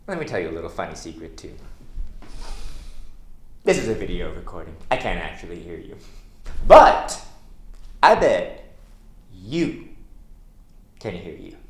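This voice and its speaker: A man telling a story to his viewers, slow and deliberate, with a voice that swings widely in pitch. He talks playfully and expressively and sometimes breaks into song-like chants. The room is echoey with a faint ambience underneath. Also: very animated. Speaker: storyteller and teacher. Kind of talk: storytelling with audience participation. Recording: roomy echo, faint ambience.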